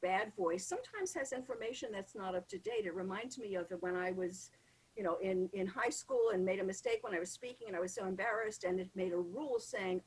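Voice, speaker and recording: Poor audio carries a woman's slightly rough, medium-pitched voice at a somewhat fast pace. A public speaking coach guesting on a podcast, she talks in a lively, emphatic way and dramatizes the voices in people's heads during the conversation.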